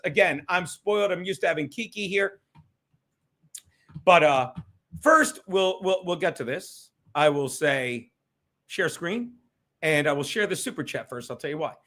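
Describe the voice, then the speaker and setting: High-pitched guy with a sharp bright voice ranting on his livestream, cussing a lot, shouting out viewers. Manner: profane, combative, thanking viewers by name. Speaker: livestream host.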